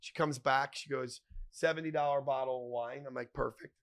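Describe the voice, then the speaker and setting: A man telling wild stories as a podcast guest, animated and profane, acting out other people's lines. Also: medium pitch, moderate pace. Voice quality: animated, profane, acts out quoted voices. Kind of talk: casual storytelling.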